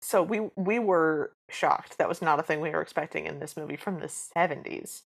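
A woman's voice: low-pitched, moderate pace, vocal fry, husky. A woman co-hosting a podcast, chatting casually and acting out cartoon scenes with playful voices. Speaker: podcast co-host. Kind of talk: casual chat recapping a cartoon.

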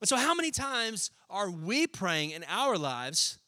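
A young man preaching a sermon as pastor, talking in a lively, casual way and acting out little scenes as he goes. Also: high voice, no room sound. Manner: animated, conversational, acts out scenes in quick voices.

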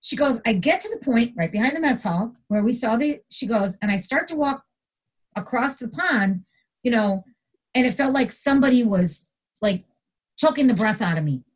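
A middle-aged woman, a retired corrections officer, telling a story casually in an interview and acting out the quotes. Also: normal speed. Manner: animated storyteller, acts out quotes with big pitch jumps.

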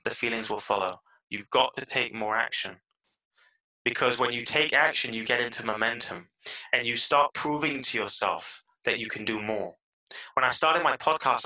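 Middle-aged male guest, very bright tone, lively swings in pitch, motivational. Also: rough recording. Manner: animated, acts out excited inner voices. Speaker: podcast guest. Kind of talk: motivational interview talk.

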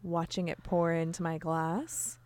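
A woman's voice: on the low side, a little slow, a little mellow. A woman co-hosting a podcast, chatting casually and cheerfully as she describes her drink in detail into a podcast mic. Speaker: podcast co-host. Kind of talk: casual chat over drinks.

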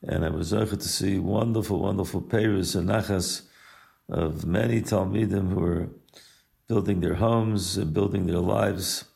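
An older man, a rabbi, recording an unhurried personal message and story, weaving Hebrew and Yiddish terms into his English. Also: sits low, fairly even intonation, gravelly, darkish tone. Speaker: rabbi and yeshiva teacher.

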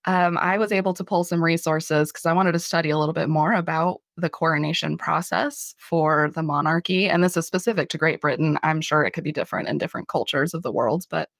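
A woman's voice: deep voice, fairly quick, few pauses, no room sound, studio quality. A woman hosting a casual religious podcast, chatty and self-deprecating, often laughing as she talks. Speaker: podcast host.

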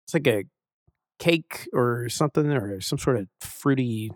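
A jokey man riffing as co-host of a comedy podcast, swearing freely as he reacts. His pitch swings widely from line to line. The recording is close and dry. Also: animated, unhurried, no echo. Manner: jokey, swears, puts on a drawl. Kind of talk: casual comedic chat.

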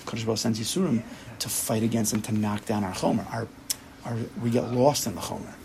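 A rabbi giving a Torah class with a gravelly, creaky voice, pressing his points home with emphasis. He keeps slipping into little quoted inner voices to make his case. A faint hiss sits under the recording. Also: fairly low pitch, a little fast, warm tone, rough recording.

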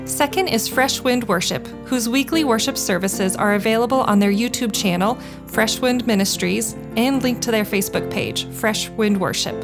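A woman reading a scripted closing announcement for a podcast in a clear, steady way. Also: fairly high pitch, moderate pace, hardly any pauses. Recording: over background music.

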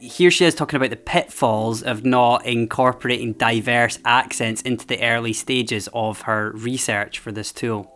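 A man co-hosting a podcast, introducing clips and chatting in a measured, conversational way. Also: mid-range voice, a bit bright. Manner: measured, conversational, linking themes. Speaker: podcast co-host. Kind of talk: podcast narration and chat.

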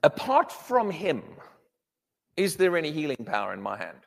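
A man preaching a sermon, emphatic and animated, often restarting his words as he builds a point. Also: a little high, normal speed, gravelly, in a large hall.

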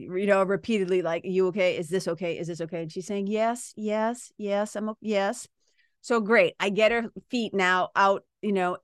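A woman's voice: medium pitch, a bit bright, smooth, no echo. Chatty woman telling a story, dry sound. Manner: conversational, with frequent "right?" and "like" fillers; frank, swears now and then. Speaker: yoga teacher. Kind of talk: casual personal storytelling.

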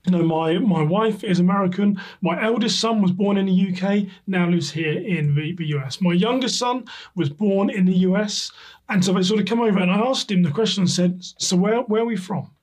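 A man hosting a casual podcast chat. His voice sits high and sounds a little husky. He rambles, hesitates and leans on fillers while he builds up to a question. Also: fairly quick, darkish tone. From England. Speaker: podcast host.

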